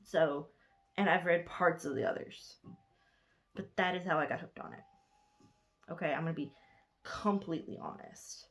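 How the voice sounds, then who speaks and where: A woman in her twenties with a Southern US accent gives a casual book review vlog. She sounds sleepy from being up late and rambles along in a fairly low voice, stopping to correct herself and gushing over what she loved. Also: normal speed, long pauses. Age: 20s. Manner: rambling, chatty, gushing, with frequent self-corrections. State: sleepy, yawning late at night.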